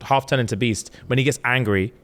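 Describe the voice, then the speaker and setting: A man co-hosting a podcast, retelling a book in casual chat and acting out the characters' lines. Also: brisk. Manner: animated, acts out characters' lines with big pitch jumps and laughter. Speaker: podcast co-host.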